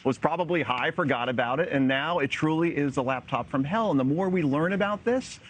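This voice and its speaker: A man's voice: fairly high pitch, brisk. A man giving pointed, sarcastic political commentary as a guest on a news panel.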